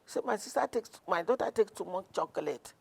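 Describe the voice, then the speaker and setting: A woman guest speaks earnestly about her clinic work, her voice carrying a gravelly texture. She tells stories at a measured pace, often restarting a sentence as she goes. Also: medium pitch, lively intonation, darkish tone. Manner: earnest, storytelling, with frequent restarts. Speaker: guest counsellor. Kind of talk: conversational interview.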